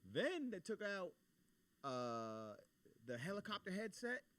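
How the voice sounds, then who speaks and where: A man spins a profane, animated story on a casual comedy podcast, acting out his own reactions as he goes. His voice is bright and forward. His pitch rises and falls a lot. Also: slow pace. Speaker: podcast co-host.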